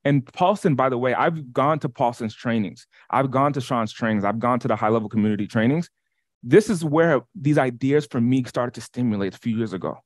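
A man co-hosting an online workshop, teaching in an energetic way, often restarting and repeating his words. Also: medium pitch, brisk, no echo, studio quality. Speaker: workshop co-host. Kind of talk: webinar teaching. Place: lives in Las Vegas.

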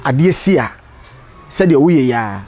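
A man's voice: mid-range voice, expressive, unhurried, warm tone, faint music behind. A Ghanaian man hosting a casual interview, prompting his guest with short replies. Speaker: interview host.

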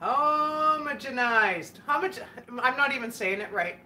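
A woman's voice: fairly high pitch, slow pace, pushed and bright, a little hiss or hum. A woman hosting a casual live stream, chatting and giggling as she answers viewer comments. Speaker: livestream host.

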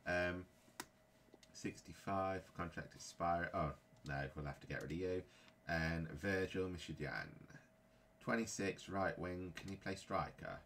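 A man's voice: deep voice, a little slow, fairly bright tone, slight background noise. A man playing a football game and commenting casually, often frustrated and grumbling. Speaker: gaming YouTuber.

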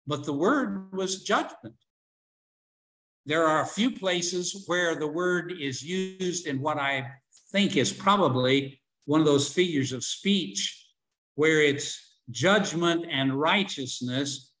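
An older man teaching a religion class online, lecturing with many fillers, restarts and pauses. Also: on the high side, bright, forceful tone, low-quality recording.

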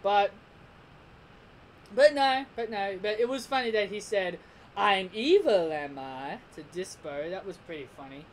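A man's voice: high voice, normal speed, slight background noise, poor audio. A man giving a casual spoken review of an anime episode, rambling, restarting his sentences and laughing often. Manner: rambling, frequent restarts and repeats.

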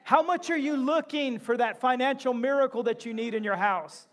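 A male pastor preaching a sermon in a church, impassioned, breaking into shouts and joking asides. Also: very high-pitched, moderate pace. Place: church sanctuary.

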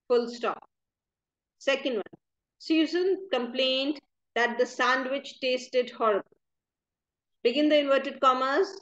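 A woman teacher giving a recorded grammar lesson, slowly reading out answers and dictating punctuation with care. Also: high-pitched, fairly bright tone, dull audio. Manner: slow, careful dictation of punctuation.

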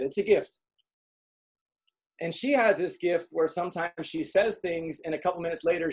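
A man giving a motivational talk to an audience, telling comic stories and acting out quotes in an animated way. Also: high voice, husky. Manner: animated storyteller, acts out quotes. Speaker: speaker.

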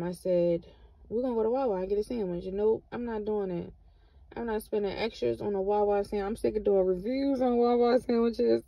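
A woman's voice: medium pitch, gravelly, no echo, highs cut off. A middle-aged woman, giving repetitive, encouraging motivational vlog talk with Christian references. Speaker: vlogger.

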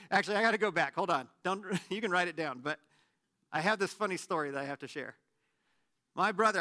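Male pastor, late 30s, bright high voice, casual animated sermon delivery. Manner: animated, conversational, self-deprecating humor.

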